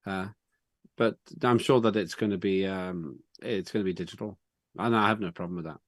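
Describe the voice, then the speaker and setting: A man's voice: low-pitched, moderate pace, no echo. A man chairing an online parliament meeting, who speaks in an earnest, reflective and encouraging way.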